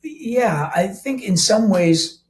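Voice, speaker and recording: In this clip the older Canadian rocker, his band's singer and keyboardist, sounds high-pitched and animated while taking things slowly. It's a casual podcast interview in which he rambles, restarts frequently and laughs easily.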